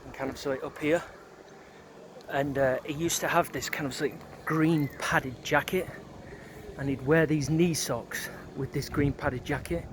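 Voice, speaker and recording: A man's voice: fairly high pitch, fairly even intonation, a little slow, noisy background. A middle-aged man walks around an outdoor neighbourhood. He reminisces in a loose, rambling way, full of filler words and casual swearing. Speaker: vlogger.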